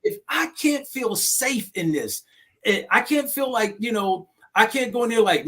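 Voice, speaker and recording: Emphatic male counselor type with a high voice, lecturing a men's group. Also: big pitch swings, a little slow, fairly bright tone. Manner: emphatic, preachy, keeps checking in with listeners. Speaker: domestic violence class facilitator. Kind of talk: group discussion.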